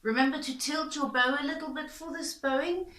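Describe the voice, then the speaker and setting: Woman, violin teacher, bright voice, calm patient step-by-step explanation, echoey room. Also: sits high, a little fast. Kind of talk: instructional explanation. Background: violin playing between explanations.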